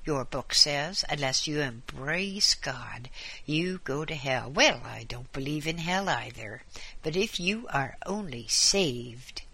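A man's voice: a little high, lively intonation, slow, bright, forceful tone, breathy edge, heavily acted. A man doing a defiant old patient. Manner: scornful, challenging.

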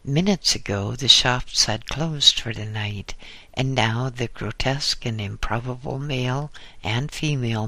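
A man reading a story aloud as narrator in a measured, descriptive way. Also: mid-range voice, bright, forceful tone, no room sound. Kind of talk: scripted narration.

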